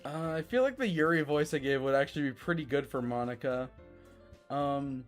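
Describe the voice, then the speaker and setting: A woman streamer chatting casually with her viewers, swearing often, laughing and breaking into loud outbursts. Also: extremely low pitch, normal speed, soft background music. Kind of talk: casual livestream chat.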